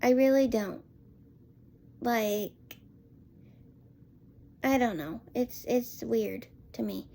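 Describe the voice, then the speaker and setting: A woman with a high voice rants her way through a casual film review at an unhurried pace. She rambles, sounds exasperated, and leans on "like" between thoughts. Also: creaky, mellow. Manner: rambling and exasperated, heavy use of "like".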